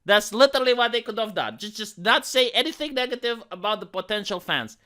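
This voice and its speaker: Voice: medium pitch, animated, fairly quick, bright, forceful tone. A YouTuber giving an emphatic, profane and sarcastic rant in a video commentary.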